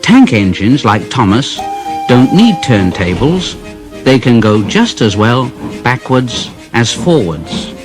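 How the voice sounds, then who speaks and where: A man reading a children's storybook aloud in an expressive, unhurried way. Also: mid-range voice, over music. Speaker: reader.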